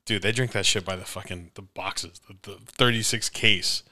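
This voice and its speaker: A man co-hosting a podcast, telling a story in casual chat, animated and profane, acting out the people he quotes. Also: lowish voice, normal speed. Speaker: podcast co-host.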